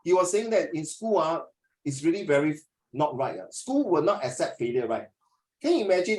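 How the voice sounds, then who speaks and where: A man's voice: moderate pace, pauses often. A Singaporean man tutoring students in a casual, joking lesson, teasing them and mixing languages as he talks. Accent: Singaporean English. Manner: animated, teasing, mixes languages, lively pitch swings.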